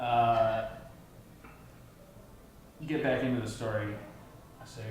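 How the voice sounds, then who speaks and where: A man co-hosting a casual talk show in a pub, swearing often as he tells animated stories. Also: mid-range voice, unhurried, long pauses, slight background noise. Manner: profane, animated storyteller. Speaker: co-host. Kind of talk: casual bar chat. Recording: roomy pub recording, faint ambience.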